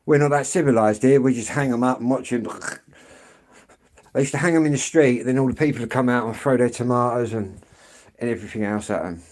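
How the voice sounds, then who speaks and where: English guy, live-stream walk-and-talk, rambling and chatty, mid-pitched, keeps clearing his throat. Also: brisk, a little mellow. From England. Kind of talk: casual live-stream chat answering viewers. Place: outdoors on an evening street walk.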